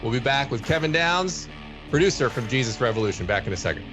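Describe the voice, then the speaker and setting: A man's voice: medium pitch, sing-song, quick pace, music in the background. A man hosting a faith talk show, handing off to a break and back with upbeat transitions. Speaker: host.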